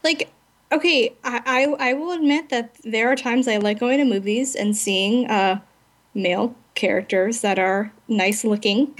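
A woman's voice: on the high side, measured pace. Blunt, laughing woman podcast host. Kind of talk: casual podcast chat.

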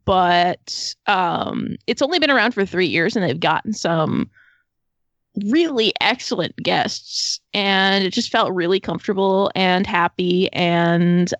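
A woman's voice: mid-range voice, no room sound, dull audio. A woman in casual podcast chat, enthusiastic and rambling, full of "like" and "um.". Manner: enthusiastic, rambling with many likes.

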